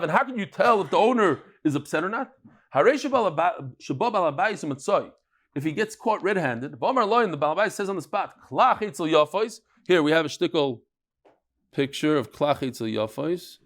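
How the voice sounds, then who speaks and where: A man, teaching a daily Talmud class in a lively, joking way, acting out the quotes he reads. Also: a little high.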